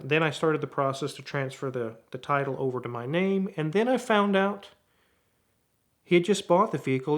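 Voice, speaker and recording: Mechanic guy, middle-aged, fairly high voice, tells a story and does both sides of the talks. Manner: animated, acts out both sides of dialogues. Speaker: auto repair shop owner. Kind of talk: storytelling to camera.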